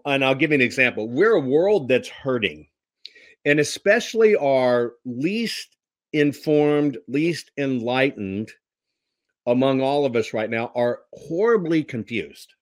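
A man's voice: medium pitch, no room sound. Give me a male host rambling through a casual history talk, recorded close and dry. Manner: rambling, many fillers and restarts.

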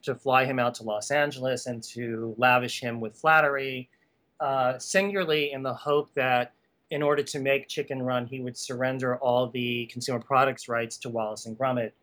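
A man's voice: mid-range voice, normal speed. A chatty man telling stories with frequent laughs. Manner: animated storyteller, laughs often, many asides. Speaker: guest, animation art conservation director. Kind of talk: conversational podcast interview.

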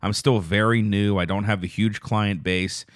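A man with a lowish voice talks alone into a dry, close mic, unspooling a long, profane anecdote. He drifts and restarts, then jumps up in pitch and speed whenever something outrages him. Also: steady tone, no room sound. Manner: rambling, profane storytelling; grows loud and fast when indignant. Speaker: podcast host. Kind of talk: casual solo podcast monologue.

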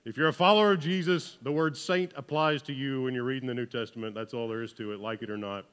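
A man's voice: mid-range voice, quick pace, fairly bright tone, clean tone, in a large hall. A man with a Southern US accent preaching a sermon to a congregation, joking with them and often checking in with "right?". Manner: conversational, keeps asking "right?", jokes with the congregation. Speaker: pastor. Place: church hall with about seventy people.

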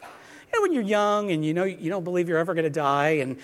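Male preacher, sermon, emphatic delivery, lively pitch swings. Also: brisk. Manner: earnest, emphatic preaching with dramatized quotes.

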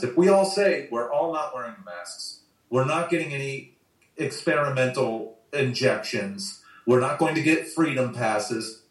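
A man ranting bluntly and profanely in a casual video-call conversation. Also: medium pitch. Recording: roomy sound, distant from mic.

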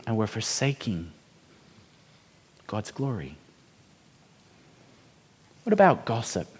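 A man's voice: on the low side, huge pitch swings, slow pace, slight background noise. Man preaching in a reverberant hall. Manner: conversational preaching with rhetorical questions. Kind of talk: sermon with storytelling.

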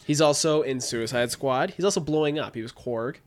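A man's voice: mid-range voice, fairly quick. A young man co-hosting a casual podcast chat, bringing up the topics with a slightly anxious edge. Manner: chatty, runs the topics, a bit anxious. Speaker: podcast co-host.

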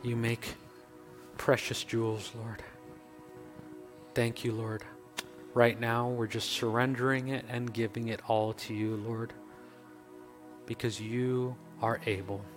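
A man preaching a sermon as pastor and leading a closing prayer, building his points through emphatic repetition. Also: mid-range voice. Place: church sanctuary. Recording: long reverb, faint music.

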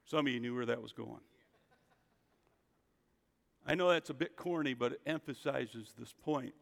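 Male pastor, casual sermon, call-and-response, raspy fry, long hall reverb. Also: medium pitch, normal speed, fairly bright tone. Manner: conversational, calls for congregation responses. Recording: echoey hall.

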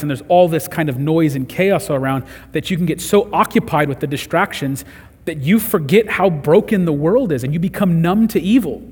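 A man delivers a sermon in an earnest, conversational way, building to emphatic moments. His voice sits a little high and has a husky edge. The sound carries a long reverb, as from a large hall. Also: a little mellow. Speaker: pastor.

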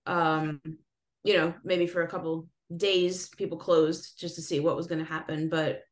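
A woman's voice: sits low, little pitch movement, normal speed. A woman hosting a podcast, steering a casual interview with questions and laughing along with her guests. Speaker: podcast host. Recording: roomy echo.

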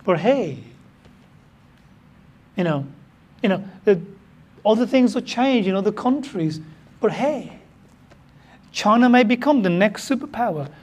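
A pastor from the United Kingdom, preaching a sermon in an excitable, animated way with sudden jumps in pitch and loudness. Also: unhurried, pauses often.

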